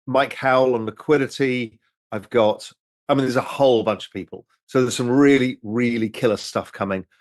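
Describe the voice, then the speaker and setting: Over drinks on a relaxed live stream, a male host answers viewer questions loosely and at length, cursing freely. He speaks at normal speed with a middling pitch, recorded close and dry with no room echo.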